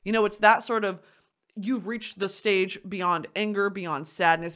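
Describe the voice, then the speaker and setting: A woman hosting a podcast, chatting casually in an animated way, swearing often and laughing through a story. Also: medium pitch, measured pace. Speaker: podcast host. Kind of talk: casual chat.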